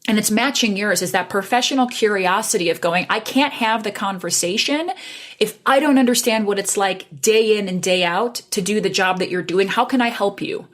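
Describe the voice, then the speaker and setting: A woman, a podcast guest, telling workplace stories in a lively, animated way and acting out both sides of old phone calls. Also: mid-range voice, moderate pace. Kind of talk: casual conversation.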